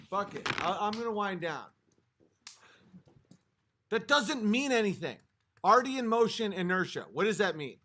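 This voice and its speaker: A man's voice: high voice, sing-song, moderate pace, long pauses, bright, forceful tone. A man hosting a livestream, ranting heatedly with lots of swearing while reading chat comments aloud, a few drinks in. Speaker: livestream host. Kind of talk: late-night livestream rant.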